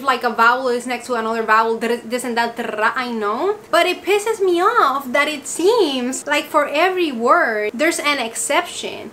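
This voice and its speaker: A high-pitched woman with a Spanish accent, a native Spanish speaker talking straight to her viewers. She rants in an emphatic, exasperated way, constantly checking that they follow her. A faint hiss sits under her voice. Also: a bit bright. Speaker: vlogger. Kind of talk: casual talking-to-camera rant.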